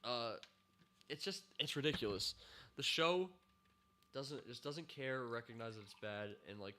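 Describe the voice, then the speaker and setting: A man hosting a casual stream, reviewing a TV season scene by scene, rambling with fillers and breaking into excited cheers and laughter. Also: medium pitch, moderate pace. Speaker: show host reviewing a TV season.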